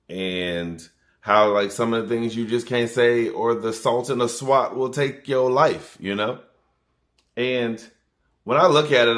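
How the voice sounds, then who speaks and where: A man rambles through a profane comedic rant in a lowish voice, with stops, restarts and laughter at his own jokes. The delivery is casual and unpolished, like he is thinking out loud.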